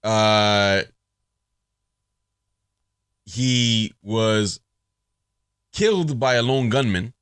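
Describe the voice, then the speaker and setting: A man hosting his own podcast, ranting in a sarcastic, profane, animated monologue. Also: lowish voice, extremely slow, pauses often, clear, resonant tone, dry recording, studio quality. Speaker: podcast host.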